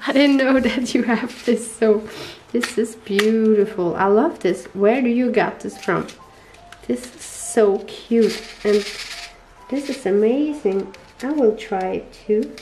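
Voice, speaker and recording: Slow-talking woman, gushing and teary. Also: a little high, darkish tone, a little hiss or hum, poor audio. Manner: gushing, searching for English words. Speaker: papercraft vlogger. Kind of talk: casual unboxing chat. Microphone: tablet microphone.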